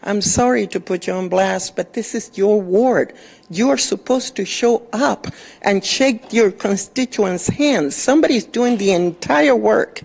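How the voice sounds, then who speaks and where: A woman with a gravelly, fry-laced voice speaks at a city council podium. She talks with passion, pressing officials to do their part. She scolds some of them in pointed, blunt words. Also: medium pitch, unhurried, darkish tone, slight background noise. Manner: impassioned, scolding. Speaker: public commenter. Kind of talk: city council public comment.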